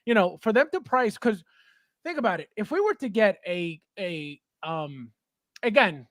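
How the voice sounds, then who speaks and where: A man's voice: sits high, expressive, a little slow, a bit bright, no room sound, studio quality. A man hosting a casual podcast chat about collectible figures, chatty and thinking aloud with fillers. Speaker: podcast host.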